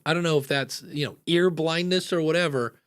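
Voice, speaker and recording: A man's voice: fairly high pitch, brisk, fairly bright tone, smooth. Chatty American man hosting a podcast. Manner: rambling, chatty, many fillers. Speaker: podcast host. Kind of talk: casual podcast chat.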